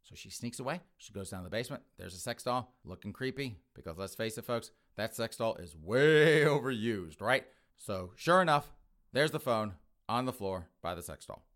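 Brash, animated male comic storyteller. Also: fairly low pitch, moderate pace. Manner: brash, addresses listeners as folks, animated. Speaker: comedic storyteller. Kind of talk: comedic storytelling.

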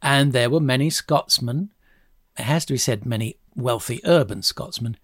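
A man's voice: mid-range voice, normal speed, no echo, studio quality. A man hosting a history podcast, narrating in a chatty style with wry asides.

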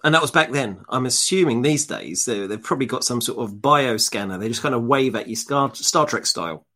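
A man's voice: mid-range voice, lively intonation, a little fast, pushed and bright. A man co-hosting a casual chat, dropping dry, teasing quips. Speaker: podcast co-host.

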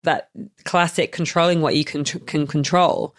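Low-voiced woman podcast host. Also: fairly even intonation, unhurried, no echo, clean studio sound. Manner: reflective, affirming. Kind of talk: conversational interview.

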